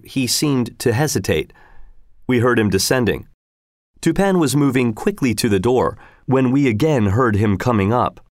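Guy narrating an audiobook, even steady read, mid-pitched voice, dry close sound. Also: no echo.

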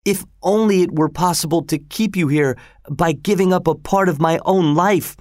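A selfish young nobleman, as a male reader plays him, answering with hollow, earnest devotion. The reader lifts his pitch for the role and keeps the delivery measured. The sound is dry and close. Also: a little mellow, no echo, natural voice. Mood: falsely earnest. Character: selfish young nobleman, falsely dutiful son.

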